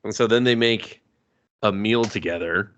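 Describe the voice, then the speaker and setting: A man's voice: lowish voice, normal speed, a bit bright, muffled recording. A young man co-hosting a casual movie review podcast, cursing and joking as he acts out the characters in mock voices. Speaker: podcast co-host.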